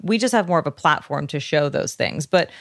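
Casting note: low, dry-voiced woman guest, loose and chatty, lots of "like" and "um". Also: brisk, gravelly, no echo. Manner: relaxed, rambling with many fillers. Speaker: podcast guest. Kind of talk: casual chat.

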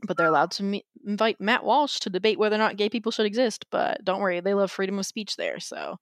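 A woman's voice: mid-range voice, very animated, quick pace, dry recording, studio quality. A young woman, a podcast guest, telling her story candidly in a wry, chatty way full of likes and ums. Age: young adult.

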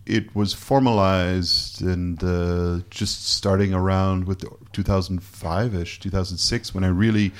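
Low-voiced candid man, halting. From Canada. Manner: candid, halting, self-questioning with restarts. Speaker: photographer guest. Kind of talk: casual interview conversation.

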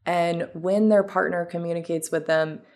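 A woman hosting her own podcast as a holistic health coach, talking alone in a relaxed, reflective way with frequent fillers like "um" and "like". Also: on the low side, moderate pace. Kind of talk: casual solo podcast monologue.

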